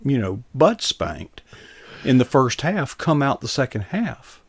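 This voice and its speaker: Gravelly-voiced man hosting a chat. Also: mid-range voice, big pitch swings, unhurried, no echo. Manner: rambling, takes detours. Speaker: host. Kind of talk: casual interview chat.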